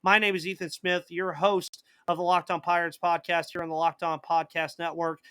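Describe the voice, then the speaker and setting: A man's voice: a little high, flat delivery, normal speed, sharp tone, smooth, no echo. A man hosting a live sports podcast in casual chat, reading out viewer comments and answering them, with a slight cough. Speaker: podcast host.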